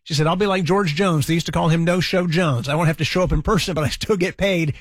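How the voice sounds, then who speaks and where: A man hosting an afternoon radio show, chatting casually and fast with callers and listeners into a studio microphone. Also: on the high side, dry recording. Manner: chatty, warm, fast-talking. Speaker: radio host.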